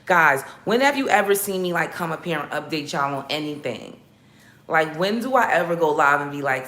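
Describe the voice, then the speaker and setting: A woman's voice: deep voice, expressive, moderate pace, fairly bright tone. A woman hosting a casual livestream, chatting with her viewers in a blunt, profane and playful way. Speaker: livestream host talking battle rap. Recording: roomy echoey room.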